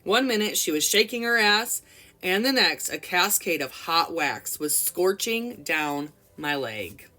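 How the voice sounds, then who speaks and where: Young woman reader, lower pitch, expressive memoir narration with chatty commentary. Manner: expressive reading, casual asides. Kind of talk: reading a memoir aloud with commentary.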